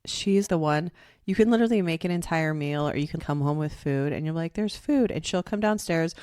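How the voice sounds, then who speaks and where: A woman's voice: deep voice, a little fast, darkish tone, clean tone, dry recording, studio quality. A mother in her thirties co-hosting a casual podcast, chatty and laughing often as she tells family stories. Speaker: podcast co-host. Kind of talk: casual chat.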